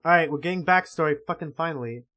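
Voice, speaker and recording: A man streaming as he reads a webcomic aloud, reacting excitably and swearing often. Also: on the high side, quick pace. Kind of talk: casual livestream reading commentary.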